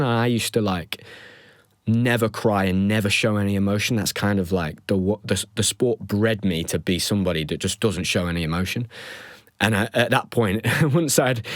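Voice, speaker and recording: Low-voiced man telling a personal story. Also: no room sound, studio quality. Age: 30s. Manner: reflective, emotional, halting with restarts. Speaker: podcast host.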